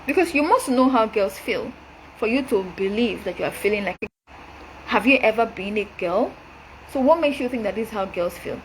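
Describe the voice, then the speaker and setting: A young adult woman hosting her show, delivering a forceful, preachy rebuttal straight to camera. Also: a little high, lively intonation, brisk, slight background noise, rough recording. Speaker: show host. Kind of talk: direct-address rebuttal monologue.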